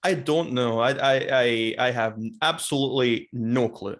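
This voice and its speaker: A man's voice: mid-range voice, unhurried, a bit bright. A man as a podcast guest on a video call, talking casually in a hesitant, rambling way with many restarts. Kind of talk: casual conversation.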